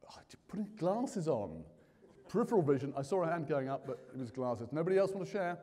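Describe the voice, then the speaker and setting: At a live conference in a big, reverberant hall, a man with a fairly high voice speaks very fast. He's a jokey, lively host who chats freely and puts questions to the crowd.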